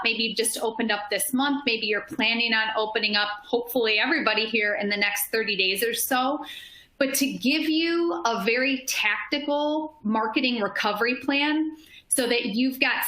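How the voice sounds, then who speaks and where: Bright, energetic Midwestern woman presenting. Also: a little high, roomy sound. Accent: Midwestern American. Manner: upbeat, energetic, many fillers. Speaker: marketing speaker. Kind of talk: webinar presentation.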